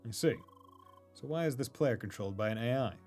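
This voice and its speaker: A man's voice: medium pitch, lively intonation, fairly quick, a little mellow, faint music behind, natural voice. Man reading a dry, skeptical man.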